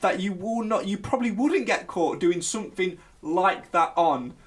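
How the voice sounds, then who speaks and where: A man, a little high in pitch, chats on a podcast with a couple's easy rapport. He talks in an animated, jokey way and swings into bigger bursts of energy. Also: normal speed. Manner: animated, jokey, bursts into sung tunes and mock shouts. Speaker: podcast co-host. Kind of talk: casual chat.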